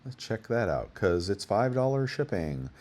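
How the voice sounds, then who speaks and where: A man's voice: on the low side, sing-song, moderate pace, darkish tone. A man hosting a coin deals channel, rambling casually and thinking aloud as he works through prices, with the hiccups. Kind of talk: casual deal rundown.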